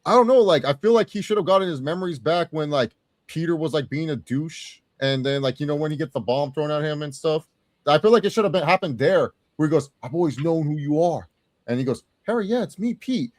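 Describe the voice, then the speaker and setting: A young man co-hosting a casual movie review chat, animated and swearing freely as he acts out quotes. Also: fairly high pitch, fast talker, no room sound, clean studio sound. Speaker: co-host of a movie review show.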